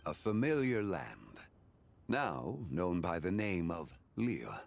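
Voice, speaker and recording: A calm ancient god in a video game, with a very low, stately voice that rises and falls widely, each word slow and measured. Soft game music lies beneath him. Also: male voice, creaky, a little hiss or hum, heavily acted. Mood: solemn. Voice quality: deep, solemn, formal diction.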